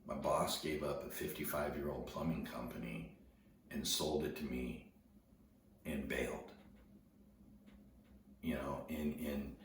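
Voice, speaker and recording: A middle-aged man telling a personal story in a halting way, often repeating words as he recalls events. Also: rumbling low, fairly even intonation. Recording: very echoey room, distant mic, noticeable background noise.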